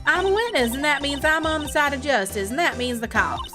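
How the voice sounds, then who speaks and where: A woman's voice: sits high, brisk, voice pushed up, natural voice. A woman voicing a brash, cocky woman witness who talks in boastful folksy sayings, over game music.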